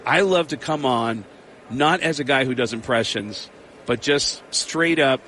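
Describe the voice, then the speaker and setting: A man, a comedian and voice actor, telling stories in an animated way as a guest in a casual interview. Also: medium pitch, measured pace, slight background noise. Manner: animated, laughing storyteller. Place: outdoor radio row at a big game.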